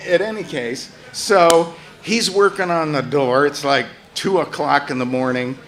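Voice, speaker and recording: Brief: older male storyteller, salty and animated, laughs through his tale. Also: on the high side, a little slow. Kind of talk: live personal storytelling.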